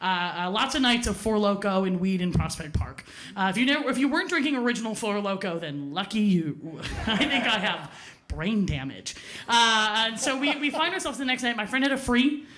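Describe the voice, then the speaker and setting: A woman telling a funny personal story live to a theater audience, animated, swearing freely and laughing at herself. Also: medium pitch, brisk. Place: theater stage.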